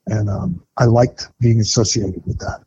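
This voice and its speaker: A middle-aged retired firefighter speaks frankly about his own recovery in conversation, his voice on the low side, steady and dark at a moderate pace. He uses many fillers and restarts. The podcast audio is dull and lo-fi with faint noise.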